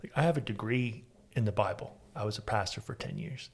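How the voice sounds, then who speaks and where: A man's voice: fairly low pitch, brisk, husky. A man who hosts a podcast, speaking in reflective casual conversation. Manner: reflective, backchannels often. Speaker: podcast host.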